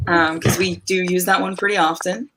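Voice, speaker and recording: A woman's voice: fairly low pitch, fairly even intonation, a little fast, noisy background. A woman on a video call reading a book aloud on a livestream, mocking it in a casual, jokey, swearing way. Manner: jokey, swearing, laughs often. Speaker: livestream reader.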